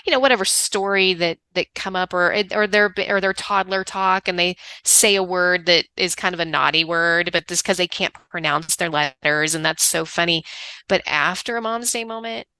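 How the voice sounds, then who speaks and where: A middle-aged woman tells stories as a podcast guest. Her voice is bright and sharp, and she is recorded close and dry. She talks in an animated way and acts out the people she quotes. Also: on the low side, normal speed, clear, resonant tone, no echo. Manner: animated storyteller, lively quoting of others. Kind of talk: conversational podcast interview.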